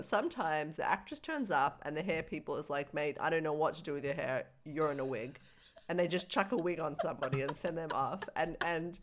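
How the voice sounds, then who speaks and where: An Australian woman with a fairly low voice, co-hosting a casual podcast chat. She tells stories in an animated way, breaking into laughter and acting out bits of scenes as she goes. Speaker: podcast co-host. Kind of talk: casual chat reviewing a film.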